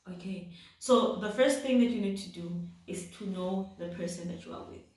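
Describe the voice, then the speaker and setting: A woman's voice: mid-range voice, normal speed, darkish tone. A woman from South Africa giving dating advice to camera in a chatty, repetitive way, often checking in with "right?". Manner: chatty, repeats points with "right?". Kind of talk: casual advice talk to camera. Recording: very echoey room, distant mic.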